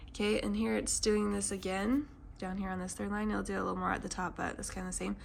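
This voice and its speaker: With a mid-range, level voice and some vocal fry, a woman teaches piano at a brisk pace. Piano plays beneath her as she patiently explains the music, counting beats out loud and using lots of ums.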